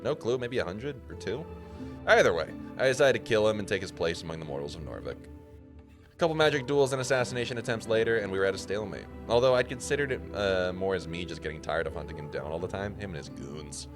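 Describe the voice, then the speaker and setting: A man's voice: sits low, lively intonation, fast. A man voicing an ancient, chatty, boastful male skull mage who rambles gleefully and tries an accent. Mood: storytelling. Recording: music playing underneath.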